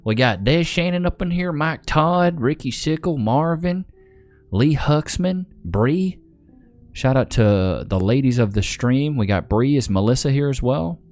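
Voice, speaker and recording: A man's voice: mid-range voice, lively intonation, measured pace, darkish tone, soft background music. A man hosting a casual live stream, chatting loosely in slang and reading out names from the chat into a desk mic. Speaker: livestream host. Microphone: desk microphone.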